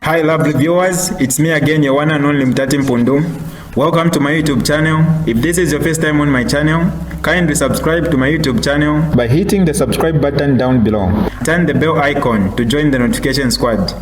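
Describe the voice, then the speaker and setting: YouTube host in an echoey hall. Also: male voice, fairly high pitch, brisk. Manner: promotional, asks viewers to subscribe. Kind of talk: channel intro and outro. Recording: roomy hall echo, faint noise.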